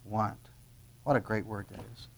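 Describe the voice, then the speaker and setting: A man preaching a sermon in a conversational way, acting out little dialogues and swinging between quiet asides and loud emphasis. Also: on the low side, fairly even intonation, normal speed, vocal fry, a little hiss or hum. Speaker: pastor.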